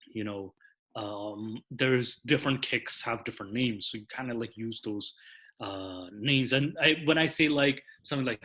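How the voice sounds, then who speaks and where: A man in casual podcast chat, rambling with lots of fillers and restarts, voice a bit husky. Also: medium pitch, moderate pace, bright, forceful tone.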